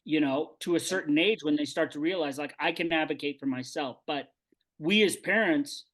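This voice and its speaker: A middle-aged man with a slightly raised pitch talks in a relaxed group conversation. He thinks out loud, circling back and restarting his sentences. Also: moderate pace. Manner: reflective, rambling with restarts. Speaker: podcast co-host. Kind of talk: casual group discussion.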